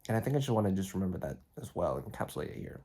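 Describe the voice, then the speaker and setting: A man's voice: low voice, very animated, racing, dark tone, slightly rough. A young man vlogging, congested and throaty, musing aloud in a meandering way full of fillers. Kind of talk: rambling reflective vlog. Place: lying on his side, later standing. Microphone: phone.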